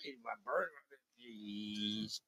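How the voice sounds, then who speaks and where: A man's voice: on the low side, slow, bright, forceful tone. A man chatting casually on a live stream, rambling and swearing while stoned. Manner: rambling, swearing, laid-back. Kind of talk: casual chat.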